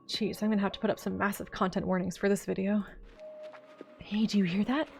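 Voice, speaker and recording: A woman streaming a horror game, chatting casually in an excitable, jokey way. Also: mid-range voice, brisk, creaky, faint music behind. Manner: excitable, jokey, laughs often. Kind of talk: casual let's-play commentary.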